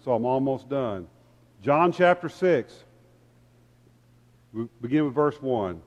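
A man's voice: medium pitch, animated, slow pace, long pauses, a little mellow. A man preaching a sermon to a congregation, speaking candidly and self-deprecatingly, piling up rhetorical questions. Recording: long hall reverb.

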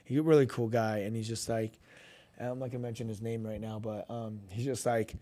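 A man co-hosting a radio program recounts a personal ministry story in a casual, animated way, restarting often and acting out the voices of people he quotes. His pitch is fairly low and he talks a little fast.

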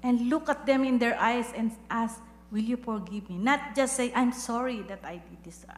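A woman's voice: on the high side, normal speed. Earnest woman preaching in an echoey hall. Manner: earnest, fervent, repeats phrases. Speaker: church speaker and mother. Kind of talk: sermon testimony and prayer. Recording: echoey hall with faint hum.

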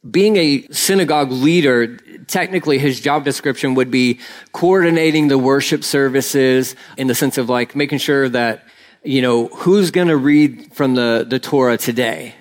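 A man's voice: medium pitch, normal speed. A man preaching a conversational sermon as a pastor, earnest and casual, often saying "like" and briefly acting out the people he quotes.

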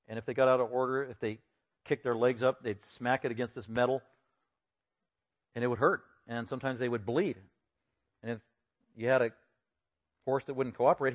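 A man preaching an expository sermon, lively and acting out the voices he quotes with sudden loud bursts. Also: medium pitch. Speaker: pastor.

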